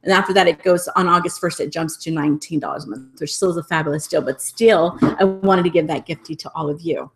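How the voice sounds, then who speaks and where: Woman, ritual circle leader on a livestream; enthusiastic, gushing delivery, lower-pitched, easing into soft guided meditation. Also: fairly even intonation, quick pace, hardly any pauses.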